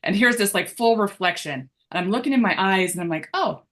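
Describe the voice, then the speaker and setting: A woman's voice: medium pitch, expressive, fairly quick, a bit bright. Emotional woman sharing over a phone call. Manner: open, emotional, tearful at times. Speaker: group member sharing. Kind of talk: personal sharing on a group call.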